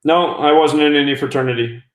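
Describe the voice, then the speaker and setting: A man's voice: a little high, fairly even intonation, brisk. A man hosting a call-in internet radio show, talking casually and chattily to listeners and callers. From US West Coast. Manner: chatty, talks through technical trouble aloud. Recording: echoey room.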